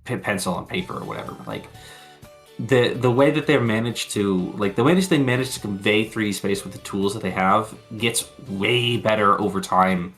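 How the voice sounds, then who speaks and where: A man's voice: lowish voice, animated, moderate pace, a bit bright. Male podcast co-host, casual rambling recap talk, profane, faint background music. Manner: rambling, swears freely, laughs often. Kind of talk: casual chat recapping episodes.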